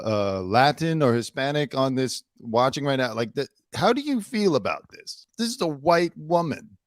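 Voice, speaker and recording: A man's voice: fairly high pitch, no room sound, studio quality. A man hosting a show with casual news commentary, chatty and sarcastic, full of "like" fillers.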